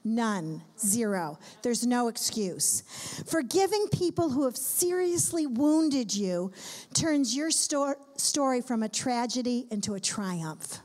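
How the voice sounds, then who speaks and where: A woman's voice: fairly high pitch, big pitch swings, slow, darkish tone. A woman speaking at a women's conference, preaching emphatically to a live audience and building her points in repeated lists. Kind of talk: sermon.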